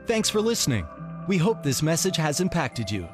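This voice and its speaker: A man's voice: a little high, sing-song, normal speed. A man reading a friendly scripted closing announcement for a church. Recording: music bed behind the voice.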